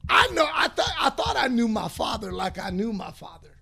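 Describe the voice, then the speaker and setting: A man in his fifties hosting a podcast, telling a long profane story in a rambling, animated way. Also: high-pitched, moderate pace, gravelly, breathy edge. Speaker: podcast host. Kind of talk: casual storytelling.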